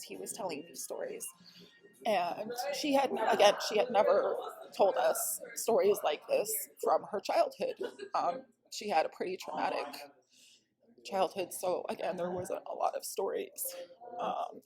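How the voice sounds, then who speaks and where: Woman vlogger, psychic medium; lowish voice, earnest and rambling, chatter of a crowd behind. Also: low-quality recording. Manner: earnest, rambling, with many fillers. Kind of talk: casual personal storytelling vlog.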